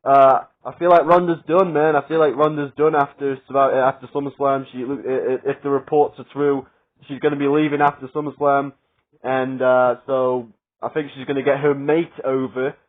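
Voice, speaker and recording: A man's voice: mid-range voice, level tone, normal speed. A man giving casual solo predictions for a video, rambling with lots of fillers and chuckling at his own asides. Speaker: wrestling predictions vlogger. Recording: tinny phone-like sound.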